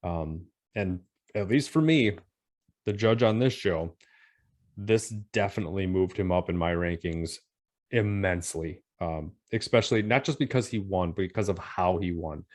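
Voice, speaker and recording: A man with a fairly low voice co-hosting a casual sports podcast. He talks haltingly, with frequent fillers and restarts as he works through his thoughts. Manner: hesitant, many ums and restarts. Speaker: podcast co-host. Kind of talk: casual boxing talk.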